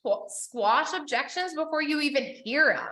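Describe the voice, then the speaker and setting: A woman coaching business owners in a live session, chatty and animated, acting out the people she quotes. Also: high voice, normal speed, echoey room.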